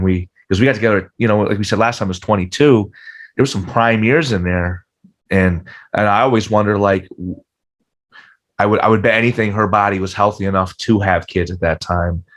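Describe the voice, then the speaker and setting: Low-voiced man speaking earnestly. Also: a bit bright. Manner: earnest, repeats words as he thinks. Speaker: podcast guest. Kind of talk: reflective conversation.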